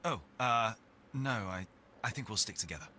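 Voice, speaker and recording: An actor playing a cool, dismissive young detective who speaks curtly and with cold logic, in a video game. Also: male voice, fairly low pitch, normal speed, bright, forceful tone, a little hiss or hum. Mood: hesitant. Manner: curt, coldly logical. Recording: game audio over in-game music.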